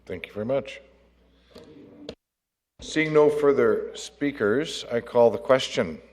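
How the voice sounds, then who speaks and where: Mayor running council business, mid-pitched, formal and polite. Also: male voice, animated, slow, darkish tone. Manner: formal and courteous, calls votes and items. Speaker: mayor chairing a council meeting. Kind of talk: procedural chairing of a meeting. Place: city council chamber.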